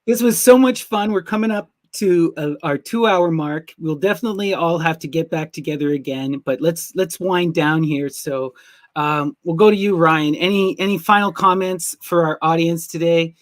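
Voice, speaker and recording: Guy co-hosting a podcast, curious, keeps asking right?, fairly high voice. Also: normal speed. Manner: curious, seeks agreement with frequent "right?". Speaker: podcast host. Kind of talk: casual chat.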